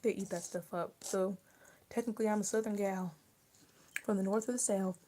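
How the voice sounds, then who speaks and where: A young woman from Maryland hosts a casual live stream while she eats. She chats loosely and answers viewer comments out loud, in a voice that sits at an ordinary middle pitch. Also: fairly even intonation, a little fast, long pauses. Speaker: livestream host.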